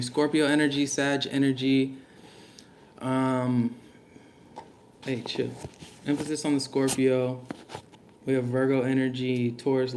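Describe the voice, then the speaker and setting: A man's voice: medium pitch, darkish tone, a little hiss or hum. A man giving a casual spoken reading to camera, loose and slangy, musing aloud with fillers. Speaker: tarot reader.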